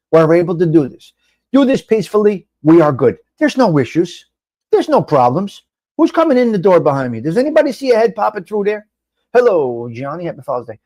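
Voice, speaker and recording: Lively New man chatting live. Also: fairly high pitch, dry recording, clean studio sound. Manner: animated, rambling, swears, addresses chat by name. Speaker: live show host. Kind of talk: casual live-stream chat, reading viewer comments.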